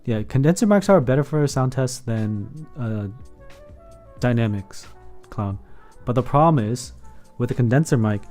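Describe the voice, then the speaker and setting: Man, casual live-stream chat, rambling, mellow voice, condenser mic at a home desk, faint background music. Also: mid-range voice, expressive, normal speed. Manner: rambling, answers chat, self-corrects. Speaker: keyboard streamer. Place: home room with sound panels in a corner. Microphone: condenser microphone at desk.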